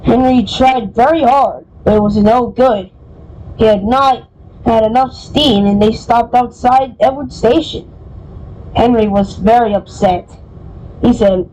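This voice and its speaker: Slow-reading woman with a storybook. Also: on the high side, mellow, slight background noise, rough recording. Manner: casual, stumbling over words and correcting herself. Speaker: storybook reader. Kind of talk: reading a children's book aloud.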